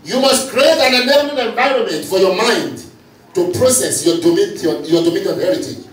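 A male pastor preaches, calling out lines and repeating them so the congregation can answer. His voice is high-pitched at a moderate pace, picked up from far off in an echoey hall with faint noise.

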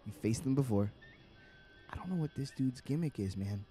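A man's voice: mid-range voice, normal speed, warm tone, soft background music. A man giving casual, profane live commentary while playing a video game, chatting to himself and to the game. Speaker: streamer.

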